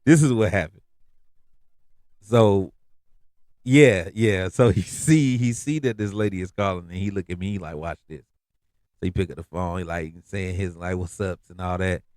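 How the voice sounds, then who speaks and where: A man hosting a podcast in a relaxed, slangy storytelling voice that sits low. He circles back and repeats lines for emphasis. The sound is close and dry, with no room around it. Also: normal speed, no room sound. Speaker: podcast host. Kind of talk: casual storytelling monologue.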